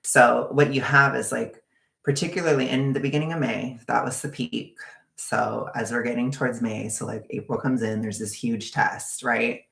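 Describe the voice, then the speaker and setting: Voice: medium pitch, steady tone, normal speed, gravelly, a bit bright, reverberant. A vlogger ranting in a casual, profane, exasperated way.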